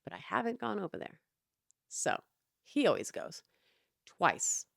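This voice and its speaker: A woman's voice: medium pitch, big pitch swings, moderate pace, creaky, a bit bright, no room sound, clean studio sound. A young adult woman hosting a podcast, telling a long story in an exasperated, sarcastic and profane way. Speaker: podcast host. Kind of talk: casual storytelling rant.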